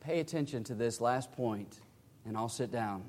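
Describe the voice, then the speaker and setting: A man preaching a sermon to his congregation. He swings between hushed, low passages and loud, emphatic cries. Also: moderate pace. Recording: reverberant hall.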